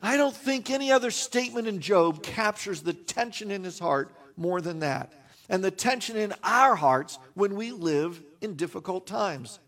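A man's voice: high-pitched, animated, moderate pace, fairly bright tone. A man preaching a sermon as a pastor, earnest and emphatic, with wry self-deprecating asides.

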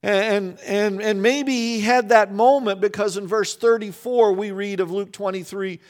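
A man pastor delivering a sermon, earnest and emphatic, with deliberate pauses and repeated phrases. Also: sits high, fairly even intonation. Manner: restarts and repeated words when speaking quickly.

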